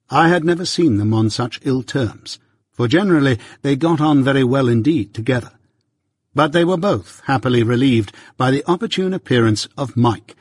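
A man narrating a classic novel in the first person with a measured, even reading. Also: mid-range voice, slightly rough, no room sound. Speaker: audiobook narrator. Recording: dry close mic.

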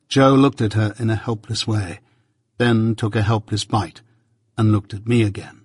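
Audiobook narrator, male, husky, measured storytelling. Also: fairly low pitch, steady tone, no echo, studio quality. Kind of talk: scripted narration of a classic novel.

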